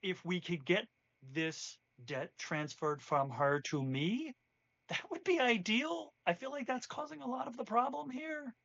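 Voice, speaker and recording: A man voicing a serious, reserved adult male who speaks in a measured, earnest way. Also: sits high, animated, vocal fry, fairly bright tone, dry recording, dull audio, voice pushed up, full character voice.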